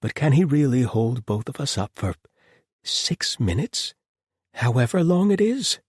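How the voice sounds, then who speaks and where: A man's voice: medium pitch, very animated, unhurried, darkish tone, breathy edge, dry recording, clean studio sound, voice pushed up. A man voicing a panicked young male physician dangling over a pit, breathless and frantic. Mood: anxious.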